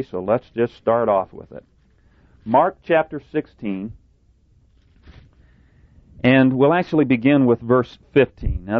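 A man preaching a sermon to a congregation, reading scripture and quoting others in a deliberate, emphatic manner with touches of sarcasm. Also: mid-range voice, no room sound. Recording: tinny phone-like dry sound.

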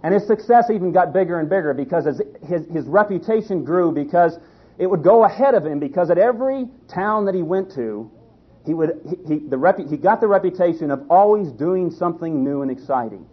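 Husky-voiced folksy preacher. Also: male voice, sits high, lively intonation. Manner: folksy, halting with restarts. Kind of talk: storytelling sermon. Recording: dull lo-fi recording.

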